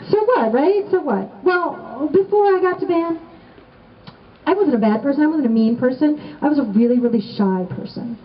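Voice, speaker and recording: A middle-aged woman giving a heartfelt remembrance speech to a gathered audience, storytelling with gentle humor. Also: fairly high pitch, lo-fi sound. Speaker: assistant band director giving a remembrance talk. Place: indoors on the steps of a renovated old building.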